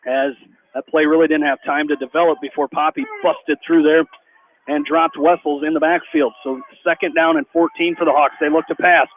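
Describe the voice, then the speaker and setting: A man calling high school football play-by-play on local radio, rising in excitement on big plays, heard over a tinny broadcast line with faint hiss. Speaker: play-by-play announcer.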